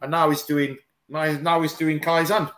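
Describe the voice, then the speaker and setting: A man's voice: fairly high pitch, little pitch movement, moderate pace, a bit bright, slight background noise. A man, a martial arts guest on a talk show, telling stories in casual banter, swearing, mimicking people and laughing often.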